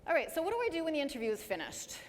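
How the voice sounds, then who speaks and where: Animated woman presenter in a reverberant hall. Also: sits high, rapid-fire. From Canada. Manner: lively, emphatic, shifts pace to demonstrate. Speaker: presenter at a dental career talk. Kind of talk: live presentation. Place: large hall with an audience. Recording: hall reverb, faint background noise.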